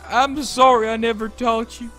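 A woman's voice: fairly high pitch, fairly even intonation, moderate pace, a bit bright, soft background music, natural voice. A woman voicing a crude, melodramatic, man-hungry mother in a survival game, with a theatrical, sing-song delivery.

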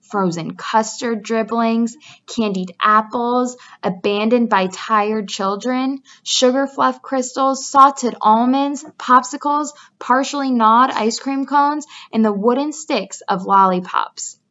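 A woman's voice: a little high, takes it slowly, fairly bright tone. A woman voicing an old, knowing female sheep who coaxes and relishes long lists, in a dull lo-fi recording. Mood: coaxing.

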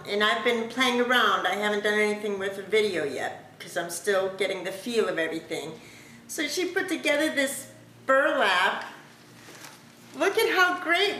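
A woman vlogger opening a craft package at home, gushing with thanks in a casual, excited chat. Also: mid-range voice. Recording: echoey room with background noise.

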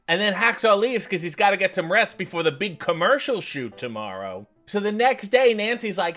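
A man's voice: sits high, big pitch swings, moderate pace, hardly any pauses, sharp tone. A man hosting a comedic recap of a TV episode, with sarcastic, profane asides. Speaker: host.

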